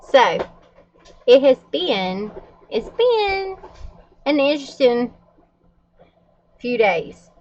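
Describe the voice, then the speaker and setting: A woman's voice: high-pitched, big pitch swings, extremely slow, long pauses. Woman vlogger, middle-aged, candid and chatty, slightly muffled recording, faint background hum. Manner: chatty and candid, frequent laughs and fillers. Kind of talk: casual chat to camera.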